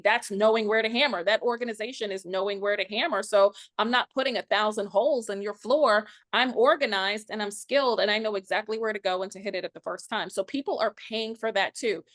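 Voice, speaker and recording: A woman's voice: mid-range voice, fairly bright tone, no echo. A woman coaching on pricing, telling stories in an emphatic, sassy way in casual podcast chat. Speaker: pricing coach for wedding professionals.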